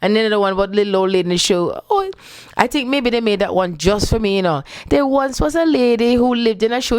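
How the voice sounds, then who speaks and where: A woman's voice: fairly high pitch, animated, brisk, clear, resonant tone. A woman from Jamaica with a Jamaican accent, giving a casual spiritual talk and playfully switching between patois and standard English. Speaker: spiritual speaker.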